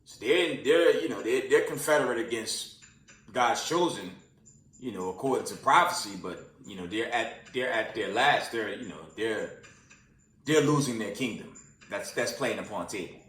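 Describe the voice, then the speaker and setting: A man's voice: medium pitch, normal speed, a bit bright, far from the mic. A tired man hosting casual news commentary with prophecy talk, rambling with many fillers and restarts. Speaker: host of a news commentary channel. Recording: roomy sound, away from the mic.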